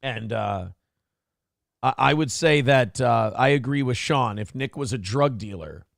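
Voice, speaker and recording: A man's voice: medium pitch, measured pace, vocal fry, no room sound, clean studio sound. A man hosting a casual show, joking crudely, laughing often and reading viewer chat messages aloud. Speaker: morning show host.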